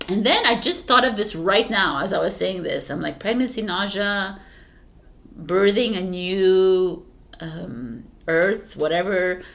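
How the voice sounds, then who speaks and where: A woman's voice: medium pitch, animated, a little slow, creaky, fairly bright tone. A woman tarot reader hosting a weekly reading, chatting casually to camera, laughing and restarting her greeting. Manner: giggly, flustered, restarting intro.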